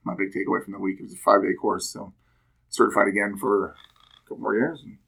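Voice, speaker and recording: A man's voice: lowish voice, quick pace, creaky. A man chatting casually about a training course, telling stories and acting out what others said. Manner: animated storytelling, acts out quoted speech. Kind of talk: casual podcast chat.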